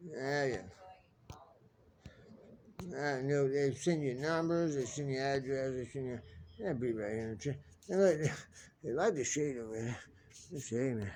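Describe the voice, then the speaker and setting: A man's voice: mid-range voice, measured pace, long pauses, darkish tone. A man rambling chattily to camera outdoors, repeating himself and talking to the birds, filming one-handed on a phone. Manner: chatty, repetitive, talks to birds. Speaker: vlogger. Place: outdoors on pavement. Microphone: phone camera held in one hand.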